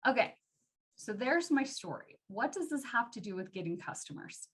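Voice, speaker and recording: A woman's voice: fairly high pitch, big pitch swings, moderate pace, a bit bright, breathy edge. A woman giving a casual sales training talk, chatty and full of "like" fillers. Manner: chatty, uses many "like" fillers, acts out customer voices. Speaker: team trainer.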